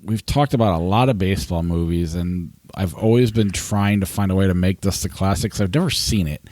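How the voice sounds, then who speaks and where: A man co-hosting a movie review podcast, talking in a relaxed, easygoing way. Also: low-pitched, a little fast, dry recording, clean studio sound. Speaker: podcast co-host. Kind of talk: casual movie review chat.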